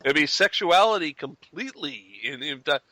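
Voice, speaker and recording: A man hosting a fan podcast, chatting casually and animatedly with quick restarts and chuckles. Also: on the high side, expressive, bright, forceful tone, dry recording. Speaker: podcast host.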